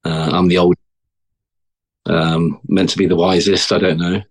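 A man from the south, a former marine, talking casually and haltingly as a podcast guest. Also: deep voice. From England. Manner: relaxed, hesitant, many fillers. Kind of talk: casual interview talk.

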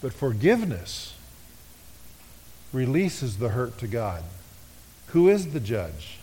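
A man preaching a sermon, leading his congregation in call-and-response and slowing to a hush on key phrases. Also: mid-range voice, big pitch swings, slightly rough. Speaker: pastor. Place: church sanctuary. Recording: echoey worship hall.

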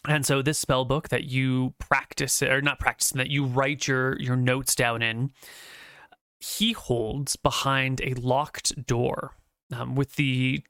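A man's voice: mid-range voice, flat delivery, takes it slowly, pushed and bright, dry recording. A man narrating a tabletop game as game master, talking loosely with fillers.

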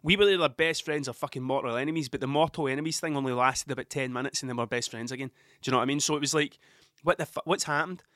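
A man's voice: medium pitch, fairly even intonation, rapid-fire, fairly bright tone, dry recording. A man with a Scottish accent in his thirties, telling a rambling, sweary story on his podcast into a close microphone. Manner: sweary, rambling, with frequent restarts. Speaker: podcast host. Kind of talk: casual storytelling monologue.

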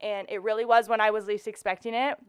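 A woman in her twenties co-hosts a faith podcast, chatting casually with plenty of fillers and laughing easily. Her voice is mid-range with little pitch movement, and she talks quickly.

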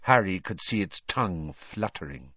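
Low expressive man narrating a storybook. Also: moderate pace, no room sound. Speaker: audiobook narrator. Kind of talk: scripted narration. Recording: dull dry lo-fi recording.

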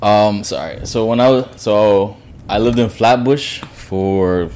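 Deep-voiced laid-back man. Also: takes it slowly, darkish tone. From New York. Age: 30s. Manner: laid-back, rambling with fillers. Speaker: podcast co-host, guest telling his story. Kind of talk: casual podcast chat.

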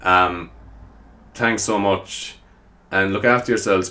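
A man's voice: on the low side, steady tone, a little slow, pauses often, sharp tone. A man from hosting a rambling solo podcast, self-mocking and chatty, swearing casually and calling his listeners lads. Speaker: podcast host.

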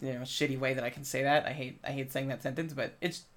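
A man's voice: medium pitch, little pitch movement, fast talker, a bit bright. A man in casual chat, rambling with lots of filler words and swearing while telling a story from a film set. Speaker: film crew member.

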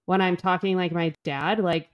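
A young woman co-hosting a podcast, telling a story in an animated, casual way, full of "like" and the odd swear. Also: on the low side, moderate pace, smooth, muffled recording. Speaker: podcast co-host. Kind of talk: casual chat.

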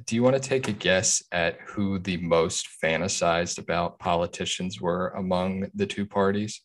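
A man's voice: deep voice, steady tone, normal speed. A man co-hosting a comedy podcast, teasing the others in a dry way. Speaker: podcast co-host. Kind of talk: casual comedic chat.

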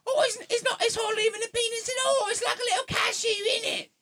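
A man putting on a shrill, posh, mocking woman's voice in a screeching falsetto. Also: level tone, fast talker, pushed and bright, a little hiss or hum, exaggerated voice. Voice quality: shrieking falsetto.

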